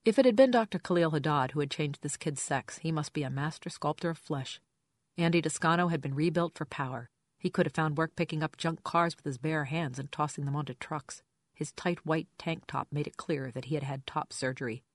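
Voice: mid-range voice, brisk, no room sound. An audiobook narrator reading a first-person detective story in a dry, wry hard-boiled manner.

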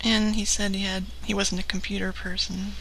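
A female co-host on a live prank call show with a bright, edgy tone and a gravelly fry. Her pitch stays flat as she chats playfully. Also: normal speed, slight background noise, poor audio. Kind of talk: casual live show chat.

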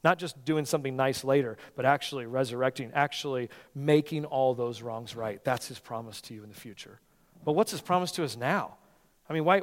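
A male pastor preaching a sermon with passion, swinging from near-shouting peaks to soft, earnest tones. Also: mid-range voice. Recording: long reverb of a large hall.

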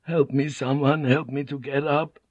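Panicked doomed sailor, stammering and high-pitched, read by a male narrator, dry and muffled. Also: a little slow, dry recording.

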